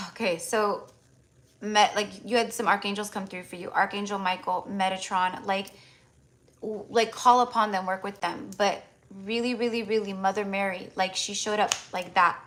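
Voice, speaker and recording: A woman's voice: mid-range voice, steady tone, normal speed, fairly bright tone. A woman hosting a live tarot reading stream, talking to her viewers in a chatty, affectionate way with lots of "like" fillers. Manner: chatty, heavy use of "like" fillers; affectionate, addresses viewers as "my love".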